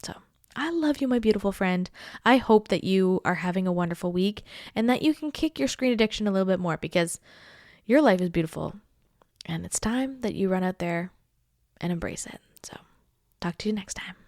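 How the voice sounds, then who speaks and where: A woman hosting her own podcast, talking in a warm, encouraging, heartfelt way and often trailing into a soft near-whisper. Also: mid-range voice, brisk, no room sound, studio quality. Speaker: podcast host. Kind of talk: casual solo podcast talk.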